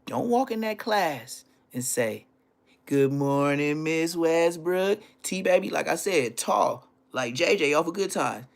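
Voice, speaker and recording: Guy on a live stream telling wild school stories, cussing a lot, kinda high voice. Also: measured pace, vocal fry, hardly any pauses. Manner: animated, profane, laughs while telling stories. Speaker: livestream host. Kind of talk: casual storytelling.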